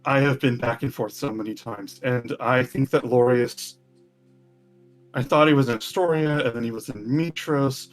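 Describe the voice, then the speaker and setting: A man voicing an excitable young woman storyteller who is eager to please. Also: medium pitch, normal speed, faint music behind, close to an everyday voice.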